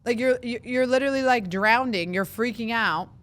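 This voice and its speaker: A woman in her thirties hosting a solo podcast, talking casually and animatedly, acting out worried voices in quick asides. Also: on the high side, a bit bright, no echo. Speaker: podcast host.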